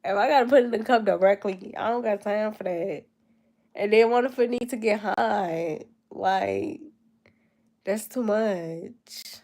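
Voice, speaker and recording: A woman's voice: medium pitch, measured pace, darkish tone. A nineteen-year-old woman with a cold and a stuffed-up nose, rambling in casual chat with her viewers on a livestream. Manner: rambling, answering chat comments.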